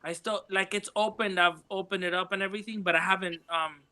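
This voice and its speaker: A woman's voice: mid-range voice, steady tone, brisk, pushed and bright. A woman chatting casually on a livestream, rambling with many fillers and restarts. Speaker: panel guest.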